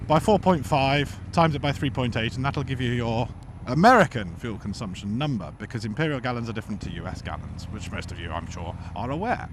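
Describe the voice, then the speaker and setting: A man, chatting casually to camera as a motorcycle vlogger, rambling, playful and self-mocking. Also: medium pitch. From England. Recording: loud road noise.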